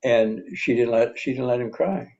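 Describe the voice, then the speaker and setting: A man in his seventies giving a reflective teaching talk, unhurried, pausing often and repeating calm self-affirmations. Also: medium pitch, creaky, dull audio. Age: 70s. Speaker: speaker on personal healing.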